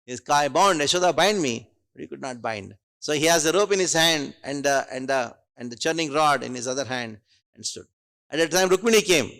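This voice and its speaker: A man giving a devotional lecture in a temple, telling stories animatedly, acting out the characters and often clearing his throat. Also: fairly high pitch, fairly quick. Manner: animated, acts out quotes, frequent throat-clearing. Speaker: scripture class teacher. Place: temple hall.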